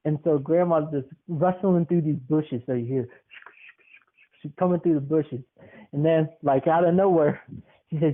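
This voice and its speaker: Man, podcast co-host, rambling comic storytelling, laughs a lot, high voice, phone-like audio. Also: moderate pace, long pauses. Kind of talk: comedic storytelling. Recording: tinny phone-like sound.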